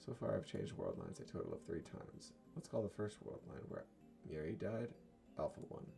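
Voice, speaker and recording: Man, reading a visual novel aloud, very deep, gravelly, dark tone, brooding, faint music behind. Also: huge pitch swings, moderate pace. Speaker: narrator.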